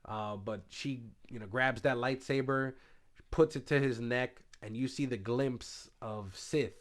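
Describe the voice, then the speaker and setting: A man giving a casual spoiler review, retelling scenes loosely with lots of fillers and now and then dropping into a hushed paraphrase of the characters. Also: medium pitch, a little slow. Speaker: TV show reviewer.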